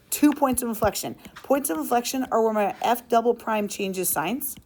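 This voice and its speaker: A woman's voice: on the high side, moderate pace, hardly any pauses, darkish tone. A woman teacher leading a classroom lesson, upbeat and playful, asking the class questions as she works through problems.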